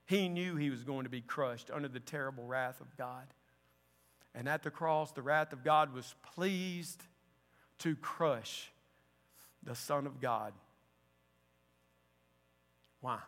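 A man preaching a sermon with passion, moving between loud declarations and hushed lines. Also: medium pitch, takes it slowly, pauses often. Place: church sanctuary. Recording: long church-hall reverb.

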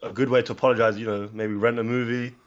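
A man calling into a show, slow and halting with a deadpan delivery. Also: medium pitch, muffled recording. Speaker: caller. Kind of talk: phone call-in.

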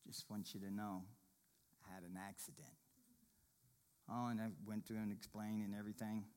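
A man telling a personal faith testimony in a sermon, shifting between quiet murmurs and loud, excited exclaiming. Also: moderate pace, smooth. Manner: animated storyteller, swings from low murmurs to loud exclaiming.

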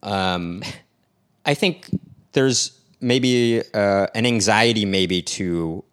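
A young man with a fairly low voice, co-hosting an easygoing podcast. He jumps in often, argues a point and then jokes about it. He sounds relaxed and playful. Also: clear, resonant tone. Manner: jokey, interrupting, quick to disagree. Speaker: podcast co-host. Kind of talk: casual chat.

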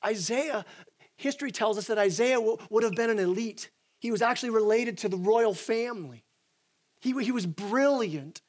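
A young man, a pastor, preaching a sermon in an animated way, with frequent restarts and acted-out quotes. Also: high voice, normal speed.

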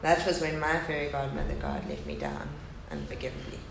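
With an extremely low pitch, very animated delivery, and fairly quick pace, a woman in her thirties gives her personal testimony. She speaks candidly and earnestly about loss to a live faith-gathering audience in an echoey hall with a faint hum.

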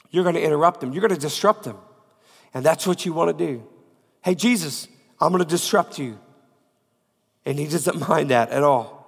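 Pastor with a cold, a man, sermon delivery, emphatic repetition, slightly high voice. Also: creaky, slightly rough, in a large hall. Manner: emphatic preaching with repeated phrases, rising to loud peaks and dropping to quiet. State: has a cold.

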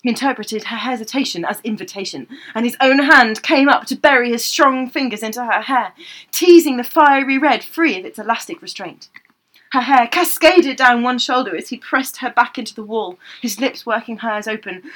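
A woman's voice: a little high, a bit bright. A woman on a comedy podcast reading a romance novel aloud in a theatrical way, breaking off to laugh and mock the prose.

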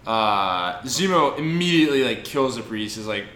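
A man's voice: mid-range voice, normal speed, echoey room, slight background noise. A man co-hosting a podcast, recapping comic books in casual chat and acting out the characters' lines with plenty of swearing. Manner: animated retelling with acted-out quotes, swearing. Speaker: podcast co-host.

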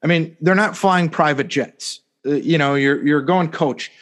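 A man's voice: a little high, a little slow, a bit bright. A man co-hosting a casual sports podcast, rambling through a sarcastic story full of fillers and mock-serious "hypothetically" asides. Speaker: podcast co-host.

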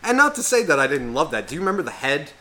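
A man in his thirties, a podcast co-host, telling a long rambling story in casual chat, swearing a lot and filling every pause with "like.". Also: on the high side, big pitch swings, sharp tone. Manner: rambling, heavy profanity, constant "like" fillers.

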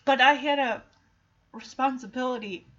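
A woman voicing a guilt-ridden loyal male dog in a low, subdued, remorseful way. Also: normal speed, bright, forceful tone, muffled recording.

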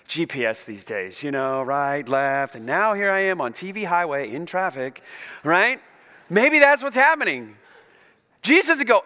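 Animated male preacher in a reverberant hall. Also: sits high, moderate pace. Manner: animated, conversational, emphatic. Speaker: pastor. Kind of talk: sermon.

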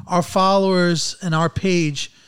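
A man's voice: high voice, little pitch movement, takes it slowly, fairly bright tone, clear, resonant tone. A man in his thirties co-hosting a casual podcast chat, laid-back with dry humor and a lot of "like". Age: 30s. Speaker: podcast co-host.

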